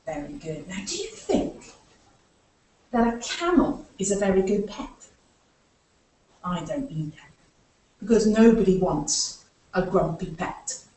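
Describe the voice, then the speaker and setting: A woman's voice: medium pitch, big pitch swings, a little slow, pauses often, warm tone. A woman leading a live story time for young children, playfully asking them to join in with actions. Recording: echoey room, far from the mic.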